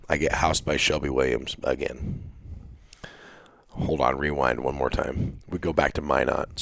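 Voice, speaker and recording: A middle-aged man, a race car driver guesting on a podcast, telling stories in casual chat, animated and profane, acting out what people said. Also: extremely low pitch, no echo. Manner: animated, profane, acts out quotes.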